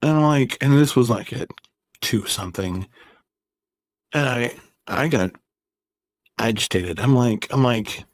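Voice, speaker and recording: A man in his thirties tells a long, rambling story in a casual vlog, exasperated and sarcastic, and his voice sits at an ordinary middle pitch. The recording is very dry and close, with no room sound. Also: a little slow, pauses often, no room sound. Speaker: gaming YouTuber.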